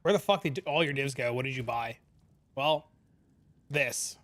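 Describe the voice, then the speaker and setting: A young man streaming a game, chatting casually, excitable and swearing freely as he reads chat aloud. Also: mid-range voice, unhurried.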